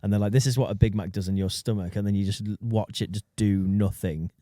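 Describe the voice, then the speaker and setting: Mellow low-voiced podcast guy. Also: steady tone, quick pace, no echo, studio quality. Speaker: podcast co-host. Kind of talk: casual podcast chat.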